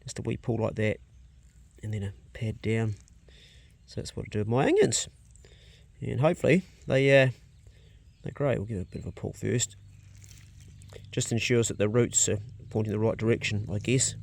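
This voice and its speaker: A man's voice: lowish voice, moderate pace, vocal fry, pauses often, a little mellow. A man homesteading outdoors on his farm, chatting casually as he gardens and talks to his sheep and dogs. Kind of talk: casual outdoor vlog commentary. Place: outdoors on a rural farm paddock. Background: sheep and dogs nearby.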